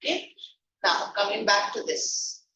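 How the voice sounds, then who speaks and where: A woman's voice: mid-range voice, expressive, measured pace. A woman with an Indian English accent teaching an online class, quizzing students and slipping into Hindi phrases. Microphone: video call. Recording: echoey, distant, noisy call audio.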